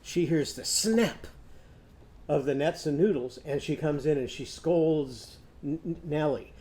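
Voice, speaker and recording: A man's voice: fairly high pitch, unhurried, mellow. A man teaching a children's literacy lesson, patient and sing-song, often singing lines for kids to repeat.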